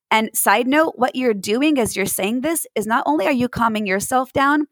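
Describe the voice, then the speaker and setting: A woman's voice: on the high side, moderate pace, few pauses, no room sound, poor audio. Woman, interview guest, earnest explaining, dry close sound. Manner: earnest, explains with quoted examples and visuals. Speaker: mindfulness and parenting guest. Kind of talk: conversational advice in an interview.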